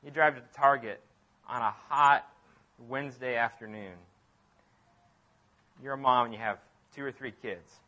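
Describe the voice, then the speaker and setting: Bright, forceful preaching man. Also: mid-range voice, unhurried, long pauses. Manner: emphatic preaching with repeated phrases and big swings from loud to soft. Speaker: pastor. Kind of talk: sermon.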